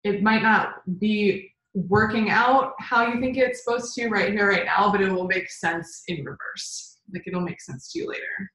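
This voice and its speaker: A woman's voice: medium pitch, moderate pace, few pauses, fairly bright tone. A woman hosting a motivational chat, speaking in an encouraging, reassuring way. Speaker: host. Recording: echoey room.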